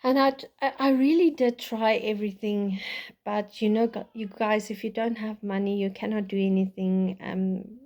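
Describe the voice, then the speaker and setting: A middle-aged woman with a South African accent gives a raw, halting personal testimony about her life, often restarting her sentences. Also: mid-range voice, fairly even intonation, a little mellow. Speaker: vlogger telling her life story.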